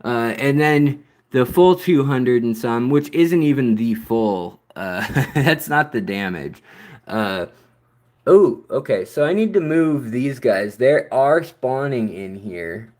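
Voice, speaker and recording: A man's voice: mid-range voice, expressive, a little mellow. A man hosting an aquarium channel, rambling through a casual livestream chat as he walks among his fish tanks. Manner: rambling, chatty, slow-paced storytelling. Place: outdoors near his fish tanks at sunset.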